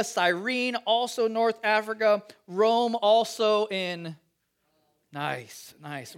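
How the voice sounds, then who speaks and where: Pastor preaching a chatty, animated sermon. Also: male voice, high voice.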